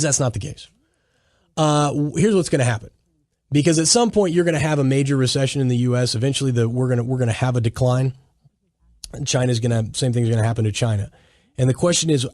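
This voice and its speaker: A man's voice: mid-range voice, a little fast, a little mellow, no echo, studio quality. A man hosting a solo commentary podcast, talking emphatically in a lecturing way and often restarting his sentences. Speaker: podcast host.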